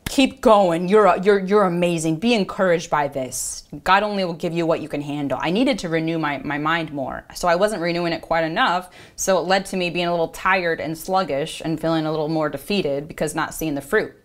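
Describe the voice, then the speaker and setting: A woman's voice: deep voice, brisk, few pauses. A woman apostle giving a devotional podcast teaching. She is earnest and encouraging, repeats affirmations and talks conversationally with many fillers.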